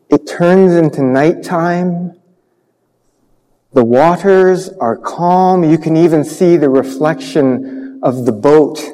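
A man gives a children's sermon in a high, slow voice. He tells the story in an animated way and acts out the sound effects. His voice rings with the long reverb of a church. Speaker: pastor. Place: church sanctuary.

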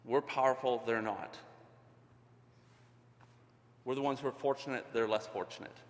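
Middle-aged man, earnest conversational preacher, mid-pitched, long hall reverb. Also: steady tone, moderate pace. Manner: earnest, conversational, many restarts. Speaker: ministry leader. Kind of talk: sermon.

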